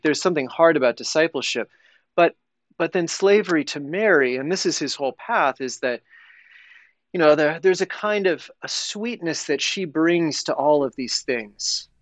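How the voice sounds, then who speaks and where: A man, a priest and podcast guest, explains spiritual ideas in a reflective, thinking-aloud way. His voice sits a bit high for a man. The sound is close and dry. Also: no room sound. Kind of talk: conversational spiritual discussion.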